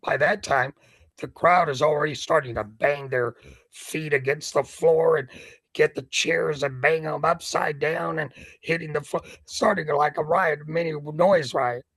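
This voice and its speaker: An older man with a gravelly, husky voice, a ring announcer telling stories as an interview guest and acting out the scenes. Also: a little high, measured pace, dry recording, poor audio. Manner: lively storyteller who acts out scenes. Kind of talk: animated anecdote telling.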